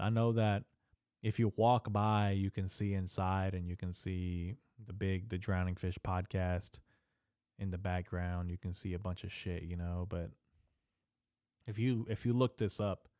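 A young man with a low voice rambles through a solo podcast rant, peppering every sentence with swearing and casual slang. He talks straight into a studio mic on a stand, and the sound is close and dry. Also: warm tone, smooth, no echo. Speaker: podcast host. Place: small echoey room in an old building.

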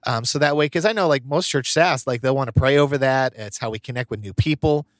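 A man's voice: medium pitch, quick pace, no echo, studio quality. A man co-hosting a podcast in casual chat, telling stories and laughing often. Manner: chatty storyteller, laughs often. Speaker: podcast co-host.

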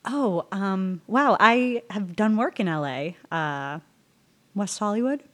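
A woman's voice: medium pitch, lively intonation, slow. A woman improvising a scene at a bar, easygoing and playfully teasing. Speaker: improv performer.

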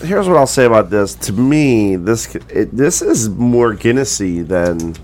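A man's voice: fairly low pitch, very animated, a little slow, a little mellow, slight background noise. A man hesitantly describing a beer in a casual chat, searching for words. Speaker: guest. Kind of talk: casual chat over beers.

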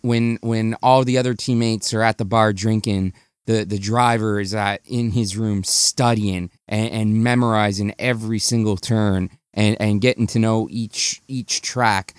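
A man with a smooth, resonant and fairly low voice, talking haltingly in a casual movie chat. He repeats words as he restarts and corrects his co-host on details. The sound is dry, with no room echo. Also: fairly even intonation.

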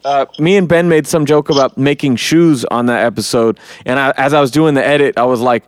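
A man's voice: mid-range voice, a little fast, no room sound. Dry-voiced man hosting a casual podcast. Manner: laughing, swearing, loose banter. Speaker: podcast host.

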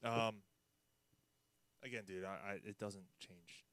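A man's voice: fairly low pitch, fairly even intonation, slow, fairly bright tone, no room sound. A man hosting a casual sports podcast, swearing and rambling in exasperation. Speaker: podcast host.

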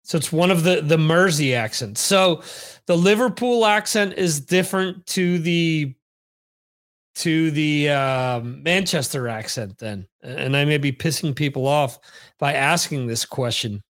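A man hosts a podcast in a slightly high, a bit bright voice at a measured pace. Casual and rambling, he jokes, reads viewer comments out loud, and often pauses to fix what he said.

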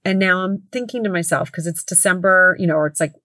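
A woman's voice: lowish voice, quick pace, fairly bright tone, no room sound. A woman in her thirties or forties, a mother hosting a podcast, telling a story casually with lots of fillers and self-corrections.

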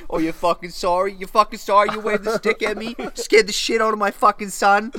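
A man's voice: high voice, little pitch movement, a little fast, crowd noise, lightly acted. A man putting on an angry cussing cow. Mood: indignant. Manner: gruff, swearing, indignant. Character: grumpy male cow defending his grass.

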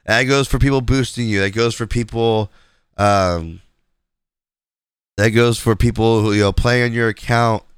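A man's voice: mid-range voice, measured pace, long pauses, clean tone, no room sound, studio quality. A man hosting a casual gaming podcast, talking bluntly and with strong opinions through a stuffy, nasal voice from a cold. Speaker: podcast host.

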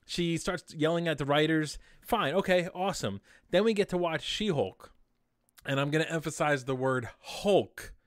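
Podcast co-host, male, sarcastic ranter, fairly high pitch, dry close sound. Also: moderate pace, dry recording. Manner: animated ranting, sarcastic. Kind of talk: casual podcast chat.

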